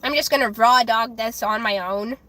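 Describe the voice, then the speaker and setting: Angry high-voiced woman ranting. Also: pushed and bright, a little hiss or hum. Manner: angry, heated ranting with swearing; halting restarts and repeated words. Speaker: livestreamer. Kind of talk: livestream rant to chat.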